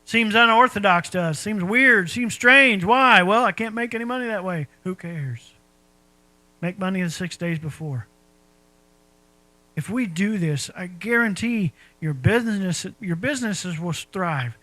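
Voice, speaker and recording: A middle-aged pastor preaches in a high, bright voice, animated yet at a measured pace. His style is folksy and conversational, with rhetorical questions aimed at the congregation. The audio is dry and close, without any room echo.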